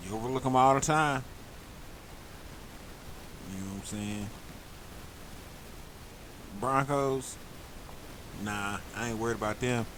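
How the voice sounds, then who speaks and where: A man with a bright, forward tone talks sports in loose, joking banter with his co-hosts. A faint hiss sits under the recording. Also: medium pitch, takes it slowly, long pauses, low-quality recording. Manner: loose, joking, trash-talking rival teams. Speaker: podcast co-host.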